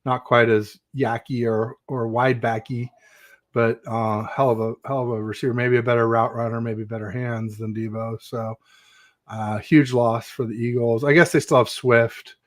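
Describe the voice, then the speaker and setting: A man's voice: mid-range voice, little pitch movement, normal speed, no room sound. A man hosting a casual sports talk show, laid-back, reading viewer comments and talking football. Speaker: sports podcast host.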